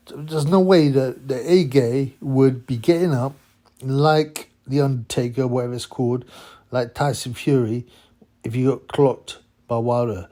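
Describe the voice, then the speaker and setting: A man's voice: mid-range voice, warm tone. A man hosting a boxing channel, giving a rambling, mocking rant full of fillers. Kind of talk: ranting commentary.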